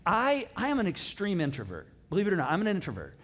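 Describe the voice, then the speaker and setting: Animated high-voiced pastor. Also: male voice, fast. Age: middle-aged. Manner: animated and chatty, with many restarts and asides. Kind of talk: conversational sermon.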